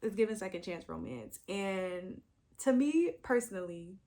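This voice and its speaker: A woman's voice: mid-range voice, very animated, unhurried, warm tone. A young woman, talking casually to the camera as a book vlogger, thinking aloud with sudden exclamations. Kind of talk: casual chat.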